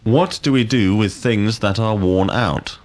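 A male language teacher, asking drill questions slowly and clearly. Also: lowish voice, darkish tone. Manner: slow, deliberate, clearly enunciated questions. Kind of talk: scripted drill lesson.

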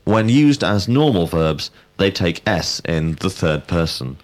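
A man giving a scripted grammar lesson, speaking in a measured, precise way and prompting answers. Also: low-pitched, sing-song. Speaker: language teacher.

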